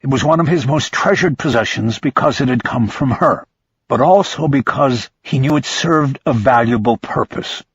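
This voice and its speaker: A man reading a crime novel aloud in scripted audiobook narration, steady and measured. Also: mid-range voice, breathy edge, no echo, dull audio.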